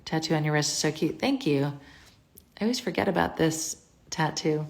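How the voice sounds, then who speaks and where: A woman with a low voice and a gravelly edge talks into her phone from home. She runs a casual livestream Q&A, reading viewer comments aloud and answering each one in a chatty, scattered way. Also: lively intonation, normal speed.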